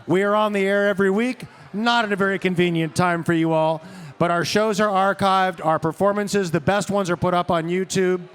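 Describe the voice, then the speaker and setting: A man on a live concert stage giving enthusiastic wrap-up announcements in a fairly high voice. He sounds eager and promotional, urging listeners to follow the show. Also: steady tone, a little fast, a bit bright, smooth. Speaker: show interviewer.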